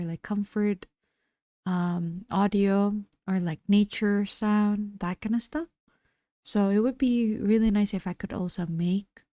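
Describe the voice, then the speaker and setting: A woman's voice: mid-range voice, mellow, dry recording, studio quality. A woman streamer chatting casually with viewers, reading their messages aloud and answering them, her voice a little worn. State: slightly losing her voice. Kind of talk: casual livestream chat reading.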